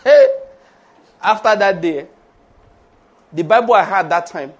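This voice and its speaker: A man preaching a sermon, animated and humorous, laughing often and acting out the voices he quotes. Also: sits high, a little slow.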